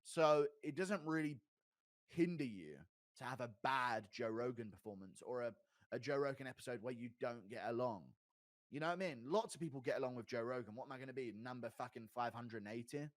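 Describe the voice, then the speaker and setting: A man hosting a livestream, talking casually with viewers in a rambling, profane, increasingly excited way. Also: medium pitch, no echo, clean studio sound. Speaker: livestream host reading donations.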